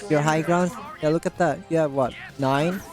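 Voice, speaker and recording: A man with a Korean accent coaching a player live, giving brisk, directive instructions and chuckling between them. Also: fairly high pitch, steady tone, music in the background.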